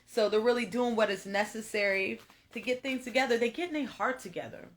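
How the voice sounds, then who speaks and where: This is a young woman's casual tarot reading monologue, delivered directly to viewers with lots of emphasis, repetition and cursing. Her fairly high voice moves briskly, and she becomes tearful at moments.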